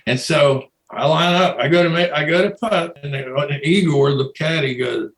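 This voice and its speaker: A man's voice: fairly high pitch, moderate pace, roomy sound, low-quality recording. A man telling a long rambling story in casual chat, laughing often and restarting his sentences. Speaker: guest telling stories.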